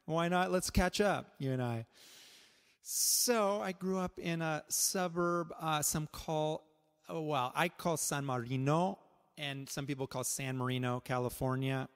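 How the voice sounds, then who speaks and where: A man's voice: a little high, takes it slowly, clean tone. A man doing a rambling comedy monologue, hesitant and full of fillers. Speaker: stand-up comedian. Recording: long hall reverb.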